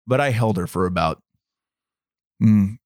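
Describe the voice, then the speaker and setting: Podcast co-host, male, low voice, measured dramatic storyteller, dry close sound. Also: animated, darkish tone, dry recording. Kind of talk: storytelling in casual chat.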